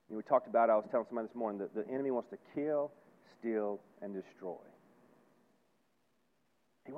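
A man preaching a sermon as pastor, folksy and emphatic, repeating phrases and swinging between loud and hushed. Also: mid-range voice. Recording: tinny phone-like sound.

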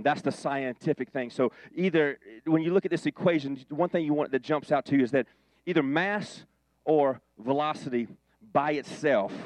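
A man's voice: on the high side, no room sound. A man preaching a casual, jokey sermon, acting out the voices of biblical figures as he goes. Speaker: pastor.

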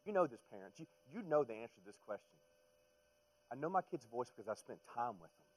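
A middle-aged man preaching a sermon in a conversational way, dropping to hushed tones and rising to loud emphatic bursts, often repeating words as he goes. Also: mid-range voice, big pitch swings, fast talker, rough recording. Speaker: pastor.

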